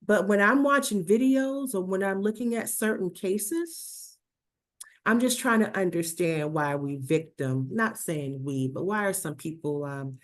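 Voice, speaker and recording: A woman speaking on a video call, telling a personal story in a talk, animated and full of fillers and restarts. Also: mid-range voice, a little slow. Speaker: speaker presenting slides.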